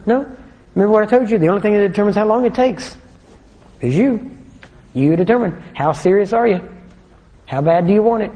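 A man preaching a sermon in a conversational way, often putting questions to his listeners and slowing down to read scripture aloud. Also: high-pitched, animated, dark tone. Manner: conversational, asks the congregation questions. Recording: long hall reverb.

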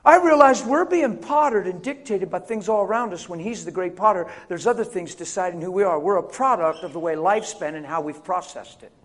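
A man with a slightly raised pitch preaching through a story. He surges loud and eager, then drops to a near hush, and laughs as he goes. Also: brisk, few pauses. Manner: swings from loud excited bursts to hushed tones; laughs as he talks. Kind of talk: storytelling sermon.

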